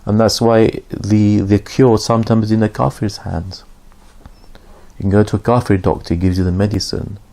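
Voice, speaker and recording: An Islamic teacher's lowish, creaky, mellow voice holds fairly even intonation at a moderate pace. In his informal religious lesson, he tells stories in a conversational way and performs the dialogue in a raised voice.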